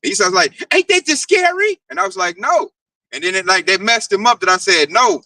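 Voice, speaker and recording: A man with a high, bright and very lively voice talks in an excitable, chatty way, acting out scenes as he tells them. His voice is picked up from some distance in a dry room. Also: quick pace, no echo. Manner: excitable, acts out quoted exchanges. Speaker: participant in a group discussion. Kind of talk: casual animated talk.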